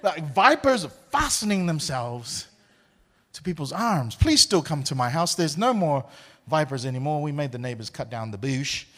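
Animated New man preaching. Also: on the high side, normal speed. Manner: animated, laughs often, repeats words. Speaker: pastor. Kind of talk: sermon with personal storytelling.

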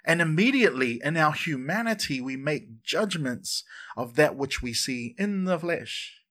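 A pastor delivers a church sermon in a lively, conversational style, often repeating words and throwing in asides. His voice is a little high and his pace measured.

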